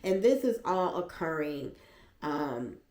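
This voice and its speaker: A woman's voice: deep voice, big pitch swings, slow, darkish tone. A woman vlogger at home, animatedly and emotionally retelling a personal story. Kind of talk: storytime vlog. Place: at home, seated. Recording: echoey room.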